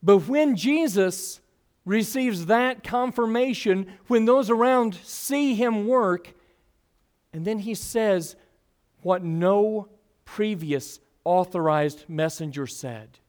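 High-voiced man preaching a sermon. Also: expressive, takes it slowly, a little mellow.

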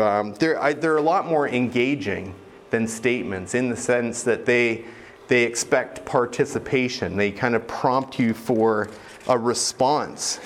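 A man's voice: mid-range voice, slight background noise. A man preaching a sermon in a conversational, self-deprecating way, with frequent hesitations. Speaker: pastor.

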